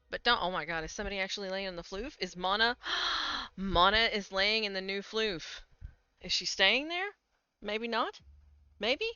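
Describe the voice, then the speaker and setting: A woman streamer chats casually about her gameplay, talks to her cats, and reads the game's text aloud. Her mid-range voice is pushed and bright with a clean tone and a dry sound. The home stream mic is slightly dull, and faint game music plays underneath.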